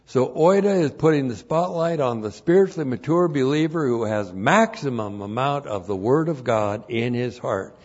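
A man pastor giving an expository sermon, deliberate and emphatic, with pauses and fillers. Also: medium pitch, expressive, darkish tone, muffled recording. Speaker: pastor and Bible teacher.

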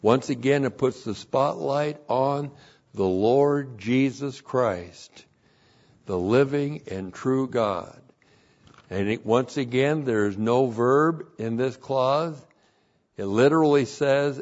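A man works through a Bible passage verse by verse, stressing each point and repeating key phrases. He speaks at a slow, deliberate pace. The recording is dull and lo-fi. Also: medium pitch, a little mellow. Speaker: Bible teacher.

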